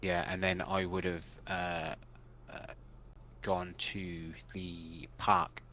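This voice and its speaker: A man playing a tabletop game, halting with many uhs. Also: low-pitched, level tone, sharp tone, lo-fi sound, slight background noise. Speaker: player.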